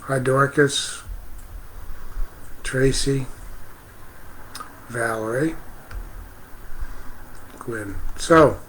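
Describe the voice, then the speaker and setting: A man hosting a spiritual livestream outdoors, speaking gently and greeting viewers by name. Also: medium pitch, a little hiss or hum, rough recording. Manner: slow, gentle, reads out viewer comments. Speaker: livestream host. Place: outdoors near a parking lot.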